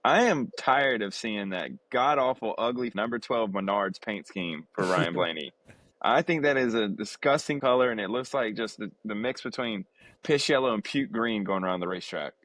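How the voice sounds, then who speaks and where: A man's voice: fairly low pitch, animated, moderate pace, fairly bright tone, no echo, poor audio. A man co-hosting a racing podcast, blunt and ranting in casual chat. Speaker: podcast co-host.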